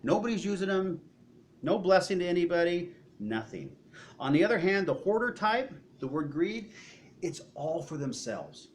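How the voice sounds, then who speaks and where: Lively-voiced male pastor preaching. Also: high voice, normal speed. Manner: preaching with rhetorical questions to the congregation; acts out hoarders' voices in quotes. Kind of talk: sermon. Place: church sanctuary.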